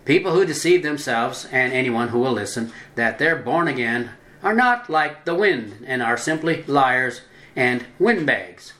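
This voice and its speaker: A man giving scripted religious narration, deliberate, drawing out the words he stresses. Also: medium pitch, lively intonation, sharp tone. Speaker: religious teacher. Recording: roomy echo.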